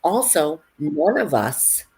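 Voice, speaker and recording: A woman in casual chat who tells lively stories, acts out what others said, and laughs often. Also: sits low, slow pace, slightly rough. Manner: animated storyteller, acts out quotes, laughs often.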